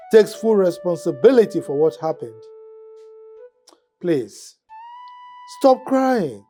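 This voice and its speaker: An actor playing a king calmly soothing a crying guest, with a Nigerian accent. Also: high-pitched, heavily acted. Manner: soothing, slow.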